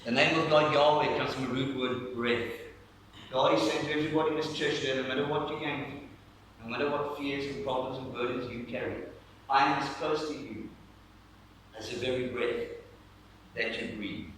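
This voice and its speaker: Male pastor, animated storytelling preacher, bright and forceful, heavy church echo. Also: medium pitch, normal speed. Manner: animated storytelling preacher, acting out scenes, dropping to a hush for emphasis. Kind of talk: sermon. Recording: echoey church from far off with faint noise.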